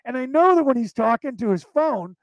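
Man, American accent mixing Southern drawl and Boston, high voice, quick rambling podcast talk, dry close sound. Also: expressive, no echo, rough recording. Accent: American with Southern drawl and Boston touches. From central California. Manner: fast-talking, rambling with many fillers. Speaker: podcast host.

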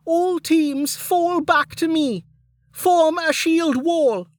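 A man voicing a fierce young woman fighter who shouts commands in battle, in an audiobook. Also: very high voice, extremely slow, no room sound, clean studio sound, pitched above the performer's own voice, exaggerated voice. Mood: shouting orders.

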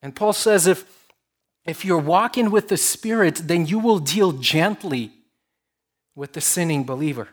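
A man preaching a sermon to his congregation, earnest and warm in delivery, swinging between emphatic rises and soft, drawn-out lines. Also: on the high side, animated. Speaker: pastor.

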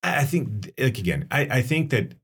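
A man's voice: mid-range voice, sing-song, normal speed, breathy edge. A man co-hosting a podcast, talking casually and profanely about a film, rambling with many restarts. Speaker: podcast co-host.

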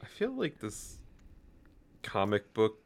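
A podcast co-host in relaxed conversation, pushing back on small plot details with a skeptical, teasing tone. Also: medium pitch, slow, creaky. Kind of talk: casual chat.

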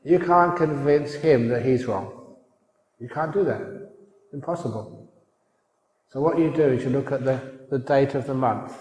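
Slow-talking male monk in echoing hall. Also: mid-range voice, a little mellow. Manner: jokey, chuckling, asks the audience questions. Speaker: monk teacher. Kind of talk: humorous sermon with stories. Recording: roomy hall reverb.

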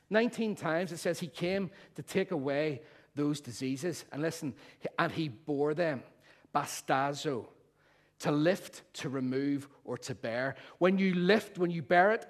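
A man preaching a sermon, emphatic and playful as he explains word meanings to his congregation. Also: fairly high pitch.

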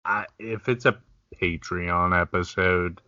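A man's voice: low-pitched, steady tone, takes it slowly, bright, forceful tone, no echo. A man co-hosting a podcast in laid-back, profane casual chat, laughing often. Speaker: podcast co-host. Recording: dull lo-fi sound.

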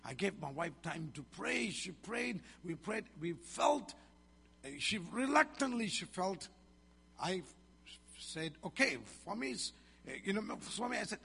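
A man's voice: high voice, animated, measured pace, vocal fry, bright, forceful tone, breathy edge. A Malaysian man in his fifties, a pastor preaching a sermon with a Malaysian English accent, emphatic and calling out questions to the congregation. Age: 50s. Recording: reverberant hall.

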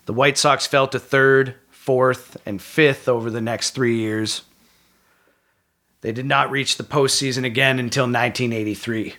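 A man's voice: mid-range voice, steady tone, unhurried, pushed and bright. A man co-hosting a casual talk podcast, reading history notes aloud with small slips and joking asides. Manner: reads from notes with small slips, jokes with co-host. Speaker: podcast co-host.

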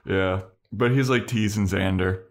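A man with a lowish voice chatting casually on a podcast. He recaps scenes and slips into quick impressions of the characters. His talk is loose and full of swearing. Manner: profane, acts out characters' lines. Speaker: podcast co-host. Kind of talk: casual chat recapping a TV episode.

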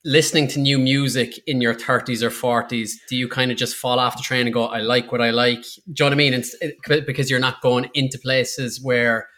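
A man's voice: medium pitch, fairly even intonation, fairly quick, few pauses, bright, forceful tone. A man chatting casually on a podcast in a loose, musing way. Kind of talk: casual chat.

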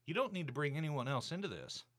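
A man's voice: on the high side, sing-song, quick pace, a bit bright. A man voicing his brusque, arrogant older male boss, an ex-military type who talks in a dismissive, commanding way. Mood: angry.

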